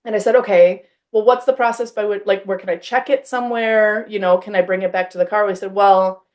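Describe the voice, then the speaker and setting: A woman in her thirties chats casually as a podcast host. She tells an anecdote animatedly, acting out both sides of the conversation and peppering her speech with "like". Her voice sits at an ordinary middle pitch. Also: brisk. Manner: animated storyteller, acts out quoted exchanges, frequent "like".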